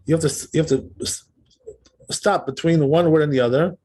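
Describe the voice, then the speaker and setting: Guy rabbi teaching a text class, voice a bit on the high side, laid back, keeps asking right?. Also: fairly quick, dark tone. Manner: casual and explanatory, often checks in with "right?". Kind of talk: text study lesson, reading and translating.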